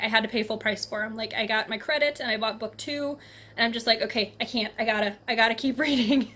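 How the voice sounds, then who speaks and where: A young woman talks through her recent reads in a loose, gushing vlog style, laughing as she goes. Her voice sits a bit high. A faint hiss runs under the recording. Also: a bit bright. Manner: chatty and enthusiastic, laughs often. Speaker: book reviewer. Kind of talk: casual book review vlog.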